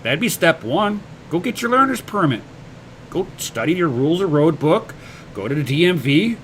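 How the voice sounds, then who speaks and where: A man's voice: fairly high pitch, big pitch swings, normal speed, fairly bright tone, slight background noise. A man hosting a casual livestream, answering viewer comments with blunt motivational advice, swearing casually and stumbling over repeated words as he starts sentences. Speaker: livestream host.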